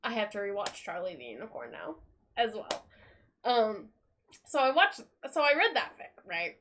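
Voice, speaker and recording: A woman's voice: mid-range voice, huge pitch swings, moderate pace, a bit bright. A young woman streamer in casual chat, rambling, swearing often and laughing between thoughts.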